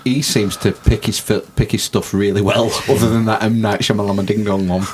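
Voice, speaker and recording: A man's voice: fairly low pitch, steady tone, brisk, noisy background. A man in his thirties chatting casually on a podcast, swearing freely and often laughing. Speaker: podcast co-host. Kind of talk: casual chat.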